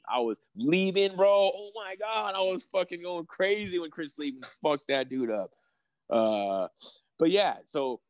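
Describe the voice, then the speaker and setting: A young man, a professional fighter, chatting casually in an interview and telling rambling, excitable, profane stories. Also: mid-range voice, no echo, highs cut off.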